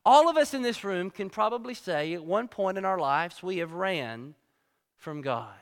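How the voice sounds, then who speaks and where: Bright-voiced man preaching in a hall. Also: sits high, lively intonation, moderate pace. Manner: earnest preaching with rising emphasis and repeated words. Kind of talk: sermon. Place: church sanctuary. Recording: reverberant hall.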